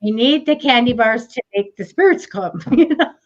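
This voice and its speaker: A woman's voice: on the high side, lively intonation, moderate pace, muffled recording. A woman co-hosting a live psychic show, talking in a chatty, rambling way and laughing often. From United States. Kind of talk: casual chat.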